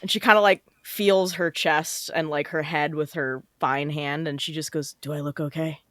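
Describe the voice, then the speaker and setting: A woman playing a tabletop game, talking in an animated, filler-heavy way. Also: sits low, moderate pace, dry recording, clean studio sound. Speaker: player.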